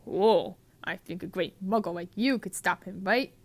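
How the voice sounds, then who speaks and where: A woman voicing a big, gruff but kindly male groundskeeper in a comedic script reading. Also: mid-range voice, moderate pace, lightly acted.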